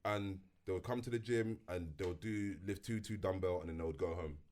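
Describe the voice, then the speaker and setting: A man's voice: low voice, brisk, a little mellow. A young man, co-hosting a casual group podcast chat, laid-back and full of slang as he tells stories. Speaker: podcast co-host.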